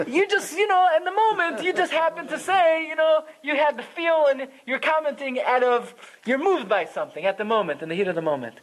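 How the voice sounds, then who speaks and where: A man's voice: very high-pitched, normal speed, low-quality recording. Guy teaching talmud class, chatty, voice jumps all over the place. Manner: animated, conversational explaining with Hebrew and Yiddish terms. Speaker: Torah teacher.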